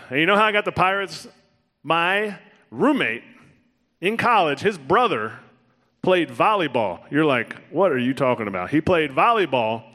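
A man in his thirties, a former ballplayer telling his career story to an audience, animated and self-mocking, acting out both sides of conversations. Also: fairly high pitch. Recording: long hall reverb.

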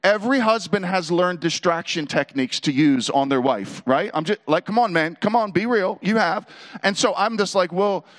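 Animated middle-aged man telling a funny story. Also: high voice, normal speed. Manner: animated, acts out quoted voices, laughs between lines. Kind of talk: humorous personal story told to a live audience.

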